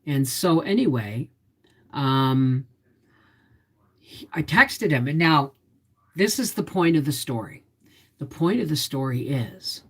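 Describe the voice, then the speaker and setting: This homestead vlogger chats casually on her livestream in a low, husky, darkish voice. She greets viewers and tells confiding, rambling stories, though she comes across as emotionally worn out.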